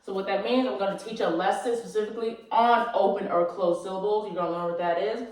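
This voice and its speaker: A woman's voice: medium pitch, steady tone, fast talker, darkish tone. A woman teaching a phonics lesson to a class, patient and checking in often with the students. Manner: patient, checks in often with okay and all right. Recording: echoey room, from far off.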